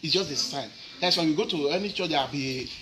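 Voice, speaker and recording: A pastor with a fairly high voice preaches fast in Nigerian Pidgin over a noisy background. He questions the children and congregants in his sermon, repeating tag questions like "eh?" as he goes.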